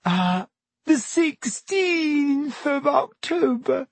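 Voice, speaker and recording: A man's voice: very high voice, big pitch swings, very slow, vocal fry, no room sound, pitched above the performer's own voice, full character voice. A man voicing a melodramatic teenage schoolgirl who wails and sobs over her loss in a storybook reading. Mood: tragic. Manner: wailing, sobbing, tragic.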